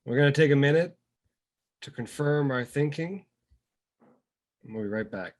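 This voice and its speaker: A man hosting a music competition, with a brisk, teasing manner. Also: a little high, darkish tone. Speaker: host.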